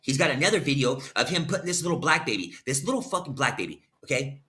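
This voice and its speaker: A man's voice: medium pitch, lively intonation, fast, pushed and bright. A man arguing angrily on a live-stream panel, ranting with profanity and accusations. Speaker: livestream panel guest. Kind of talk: heated live-stream argument.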